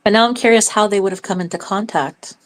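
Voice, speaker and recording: A woman's voice: medium pitch, fast, crowd noise, poor audio. A woman calling in to a casual show, thinking aloud in a curious, musing way. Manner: thoughtful, wondering aloud with light laughs. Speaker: caller. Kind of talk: casual call-in chat.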